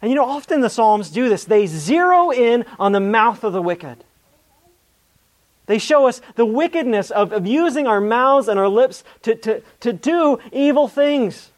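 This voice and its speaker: High-voiced preacher giving a sermon. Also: male voice, expressive, a little slow. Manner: earnest, reads scripture aloud with emphasis; repeats words and restarts mid-phrase.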